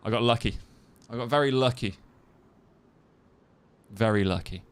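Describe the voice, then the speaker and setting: A man's voice: medium pitch, moderate pace. Chatty man streaming a game. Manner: chatty, rambling, repeats phrases. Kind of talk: casual gameplay commentary and chat.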